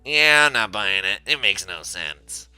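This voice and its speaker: A man's voice: on the low side, animated, measured pace, bright, forceful tone, clear, resonant tone, dry recording, soft background music, heavily acted, low-quality recording. A man voicing a blunt, skeptical woman lab chief in a fan dub.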